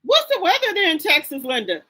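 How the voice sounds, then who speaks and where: Extremely high-pitched with huge pitch swings, her voice is fairly quick, pushed and bright, captured on a low-quality recording. She hosts a live stream of casual gossip commentary, reading chat aloud and greeting viewers by name in a sassy, chatty style.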